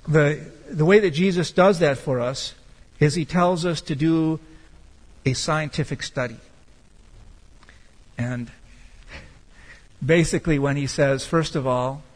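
A man preaching a sermon as pastor, emphatic and slowing down to stress key words. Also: fairly high pitch, in a large hall, rough recording.

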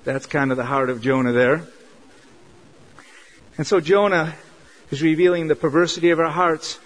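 A man's voice: a little high, normal speed, poor audio. A man preaching a sermon in an earnest, conversational way, driving points home with repetition. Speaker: pastor.

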